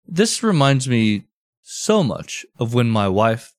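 A married man telling an Old West story on a podcast in a relaxed way, drifting into joking asides. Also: medium pitch, slow pace, no echo, studio quality.

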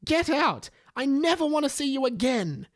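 A man's voice: very high-pitched, big pitch swings, normal speed, dry recording, clean studio sound, voice pushed up. A man voicing a fussy male wizard teacher who screams at a student. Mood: furious shriek. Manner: screaming, furious.

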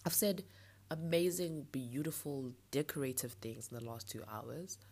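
Low husky young woman ranting candidly. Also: normal speed. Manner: candid, frustrated, ranting with soft laughs. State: blocked nostril. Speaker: podcast host. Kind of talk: late-night personal monologue.

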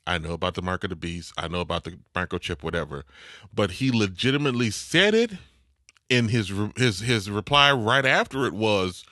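A middle-aged man with a low, bright, forceful voice tells a story in a casual chat. He is animated and swears freely. The sound is dry and close. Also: dry recording.

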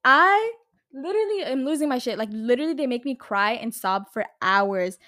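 A woman's voice: high voice, animated, moderate pace, bright, forceful tone. A woman in her twenties from the Los Angeles area, hosting a casual solo podcast, rambling and chatty, swearing freely and saying "like" and "literally" a lot. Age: 20s. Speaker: podcast host.

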